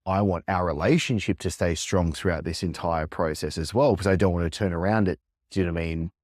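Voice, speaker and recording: A man's voice: deep voice, brisk, a little mellow, dry recording, studio quality. A man in his thirties hosting a podcast, speaking reflectively and thinking aloud with many restarts. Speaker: podcast host. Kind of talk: reflective conversation.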